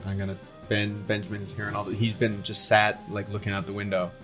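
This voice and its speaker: Low-voiced man playing a tabletop game. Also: completely flat delivery, fairly quick, over music.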